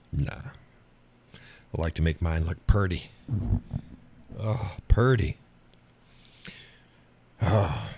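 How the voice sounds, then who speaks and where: A man's voice: sits low, vocal fry, darkish tone, breathy edge. A man hosting a live stream, chatting casually with viewers in a folksy, drawling way and laughing often.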